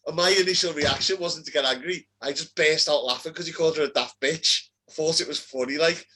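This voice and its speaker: A young man with a Liverpool accent, co-hosting a casual chat and telling sweary, animated stories. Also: a little high, fairly quick, low-quality recording. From Liverpool, England. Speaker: co-host.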